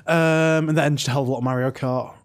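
A man's voice: fairly high pitch, steady tone, quick pace, clean tone. A man co-hosting a podcast, telling jokey childhood stories in casual chat. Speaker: podcast co-host.

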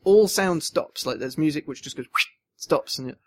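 A man's voice: a little high, moderate pace. A young man co-hosting a casual podcast chat, telling rambling stories full of restarts and fillers. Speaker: podcast co-host.

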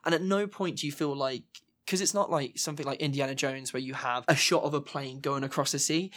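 A man's voice: medium pitch, brisk, fairly bright tone. A man from the English Midlands, chatting enthusiastically about games on a podcast. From Coventry, English Midlands. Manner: enthusiastic, chatty, filler-heavy. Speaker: podcast co-host. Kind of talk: casual chat.

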